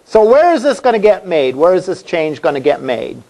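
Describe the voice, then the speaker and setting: Male lecturer, college class, animated up-and-down delivery, slightly higher voice, keeps quizzing students. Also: moderate pace. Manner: conversational, asks the class questions. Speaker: college instructor.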